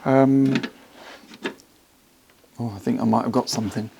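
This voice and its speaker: A car restoration vlogger talks to himself and the camera while working in his home garage, muttering with wry self-mockery and audible strain. His mid-range voice is gravelly and dark, fairly even in intonation and a little slow, with a slight hiss or hum.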